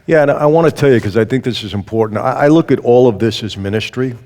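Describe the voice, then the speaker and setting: A man guest giving his testimony in an interview, a lively storyteller who acts out the dialogue he quotes. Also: medium pitch, fast talker, big-room sound.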